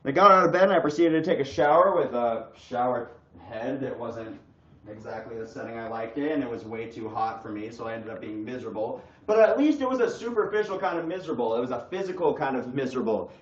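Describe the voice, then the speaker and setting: A young man streams a crude, blunt rant, jumping between loud bursts and low mutters. His mid-pitched voice bounces around an echoey room. The sound is dull and lo-fi. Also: animated, a little fast. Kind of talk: casual livestream rant.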